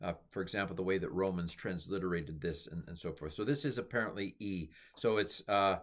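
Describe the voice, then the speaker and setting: A man's voice: deep voice, brisk. A middle-aged man giving an informal lecture, rambling and self-deprecating with many fillers and restarts. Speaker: teacher.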